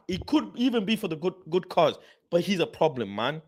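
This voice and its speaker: A man hosting a fan channel, giving animated casual commentary and repeating phrases as he rants. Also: a little high, fairly quick. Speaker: fan channel host reacting to an interview.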